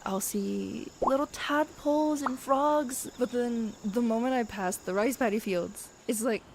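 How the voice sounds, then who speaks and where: Woman, grew up in Japan, animated storyteller, swears, clip with clear background noise. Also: a little high, measured pace. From Aomori, Japan. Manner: animated, jokey, swears freely. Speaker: video creator telling stories. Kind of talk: casual storytelling to camera.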